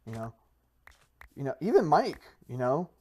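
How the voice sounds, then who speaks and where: Hyping his plans like a salesman, this Minecraft video creator and server player gives jokey, self-deprecating commentary full of restarts. He talks at normal speed with big pitch swings and a mellow tone.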